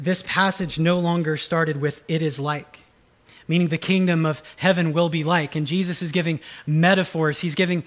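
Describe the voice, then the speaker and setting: A man's voice: fairly high pitch, a bit bright. A man preaching a sermon, reading scripture and then explaining it earnestly and with emphasis. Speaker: pastor.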